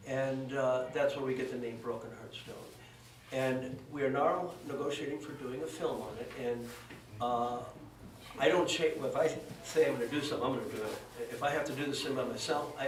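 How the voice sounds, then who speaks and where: A middle-aged man speaks at a memorial service, wandering from one story to the next with self-deprecating asides. His voice sits a little high. He is picked up from a distance in an echoey room with faint background noise. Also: a bit bright. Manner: rambling, anecdotal, self-deprecating. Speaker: eulogy speaker.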